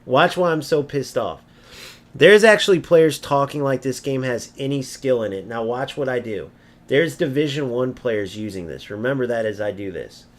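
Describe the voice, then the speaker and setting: Streaming a football video game, a man rants brashly, mocking and insulting his opponents and swearing often. His voice is mid-range and he speaks at a moderate pace.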